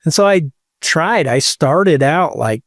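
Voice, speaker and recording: A man's voice: a little high, animated, slow, no room sound, studio quality. A middle-aged man casually telling a long personal story, rambling and swearing with lots of "like". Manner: rambling, swearing, many likes. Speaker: podcast host.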